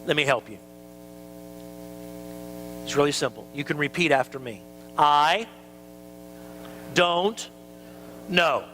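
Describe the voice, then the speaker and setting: A man's voice: mid-range voice, normal speed, long pauses, fairly bright tone, a little hiss or hum, poor audio. A man pastor preaching a sermon in a conversational way, acting out quoted excuses.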